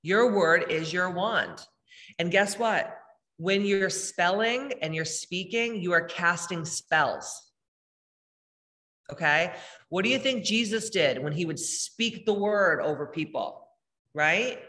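A woman's voice: fairly low pitch, lively intonation, slow, sharp tone, long reverb tail. A woman spiritual healer hosting a live meditation, talking casually and bluntly with lots of swearing as she reads chat comments. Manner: blunt, profane, emphatic.

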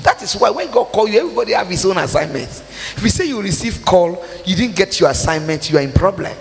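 Nigerian woman preacher, gravelly, tells stories with Pidgin, long reverb and faint hiss. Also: lowish voice, lively intonation, normal speed. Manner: mixes in Nigerian Pidgin, acts out quoted dialogue. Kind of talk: sermon with storytelling.

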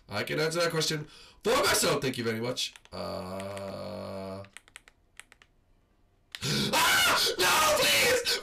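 A man hosting a game video in excitable let's-play commentary, swinging from hushed nervous murmurs to high shrieks. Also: vocal fry, distant mic, slight background noise. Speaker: gaming channel host.

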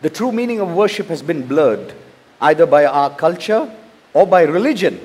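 A man's voice: fairly high pitch, big pitch swings, normal speed, a little mellow, breathy edge. A man, a pastor from India, preaching a sermon, reading scripture and asking rhetorical questions. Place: church.

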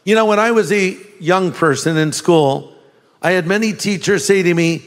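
Older male pastor, higher voice, folksy emphatic preacher, reverberant hall. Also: moderate pace. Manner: folksy storytelling with laughs and emphatic repetition. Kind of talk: sermon.

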